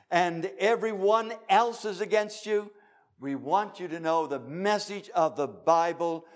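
An older man preaching an evangelistic sermon, dramatic and emphatic, with pauses for effect. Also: high-pitched.

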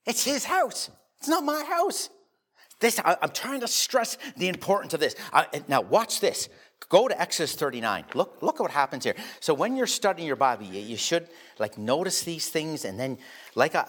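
Telling a personal story in a conversational sermon, this preacher shifts from hushed, confiding moments to loud, emphatic outbursts. His voice sits on the high side.

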